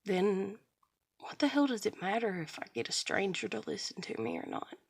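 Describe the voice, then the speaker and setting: A woman's voice: mid-range voice, normal speed, creaky, slightly rough, no echo. A woman in her thirties rambling through a bitter, profane confessional monologue about her life. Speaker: vlogger sharing personal stories.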